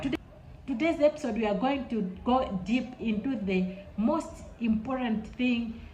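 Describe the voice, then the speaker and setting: A woman from Malawi with a Malawian accent, teaching a language lesson in an enthusiastic way and repeating words slowly for learners. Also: a little high, a little mellow. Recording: echoey room with faint noise.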